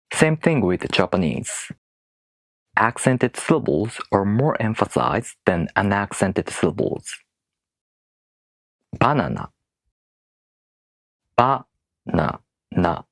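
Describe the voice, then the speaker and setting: A man whose first language is not English, teaching in a video lesson with rhetorical questions and slow, careful demonstrations of word stress. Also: lowish voice, big pitch swings, no echo. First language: non-English speaker.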